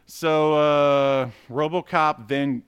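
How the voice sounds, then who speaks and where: A man's voice: fairly high pitch, fairly even intonation, extremely slow, a bit bright, clean tone, dull audio. A man co-hosting a podcast, chatting casually about a comic book with lots of fillers. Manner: rambling, lots of fillers, reads dialogue aloud. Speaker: podcast co-host.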